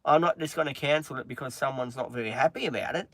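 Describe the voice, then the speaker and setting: Man, bright forceful voice, dry sound, halting livestream chat, lots of ums, earnest. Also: medium pitch, dry recording. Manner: halting, frequent ums and restarts; earnest, openly upset.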